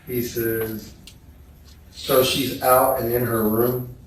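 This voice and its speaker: A man testifying as a witness in a courtroom, reading text messages aloud in a slow, measured way. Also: medium pitch, flat delivery. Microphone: distant courtroom microphone. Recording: echoey courtroom audio from far off with faint noise.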